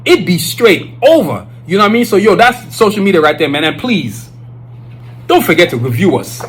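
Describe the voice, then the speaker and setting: A man's voice: high voice, sing-song, fairly quick, fairly bright tone, breathy edge, poor audio. A male podcast host giving an emphatic, preachy casual monologue, full of filler phrases.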